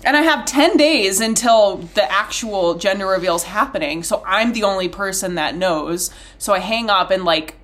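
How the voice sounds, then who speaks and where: A young woman in her twenties telling a long family story on a podcast in a casual, profane, animated way. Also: mid-range voice, moderate pace, hardly any pauses. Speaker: podcast co-host.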